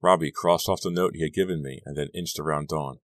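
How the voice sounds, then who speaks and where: Very deep-voiced man reading an audiobook. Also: fairly even intonation, a little fast, no room sound. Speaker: audiobook narrator.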